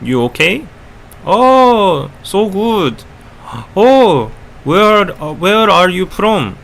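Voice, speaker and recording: A man putting on a thick Korean accent, playing an overeager fan who gushes in halting English full of "uh"s. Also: high-pitched, sing-song, vocal fry, fairly bright tone, voice pushed up, exaggerated voice. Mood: gushing. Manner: gushing, halting, full of uh's.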